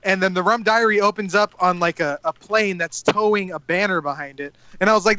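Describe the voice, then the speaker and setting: Bright high-voiced young man laughing. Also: fairly quick, few pauses, clean tone, no echo. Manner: laughing, animated retelling. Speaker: podcast co-host. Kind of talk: casual storytelling chat.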